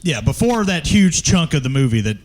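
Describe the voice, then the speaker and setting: A man's voice: on the high side, very animated, fairly quick, a little mellow, slight background noise. A man co-hosting a podcast, recapping a movie scene in a casual, laughing way. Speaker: podcast co-host. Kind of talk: casual movie-review chat.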